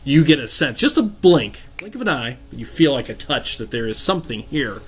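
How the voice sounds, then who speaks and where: A man's voice: mid-range voice, very animated, brisk, breathy edge. A man narrating as game master of a tabletop game, rambling with fillers and restarts.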